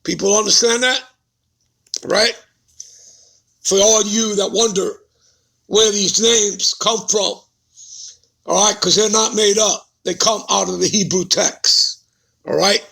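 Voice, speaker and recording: A man's voice: high voice, steady tone, takes it slowly, gravelly, long pauses, sharp tone. A man preaching a Bible-study sermon who keeps putting rhetorical questions to his listeners and checking in with them.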